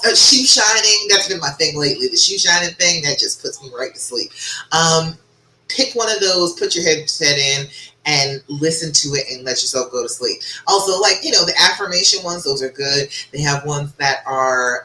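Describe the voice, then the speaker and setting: Bright, chatty woman relationship coach. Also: low voice, echoey room, slight background noise, poor audio. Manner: chatty, encouraging, frequent "okay?" check-ins. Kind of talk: live-stream advice and reading viewer comments.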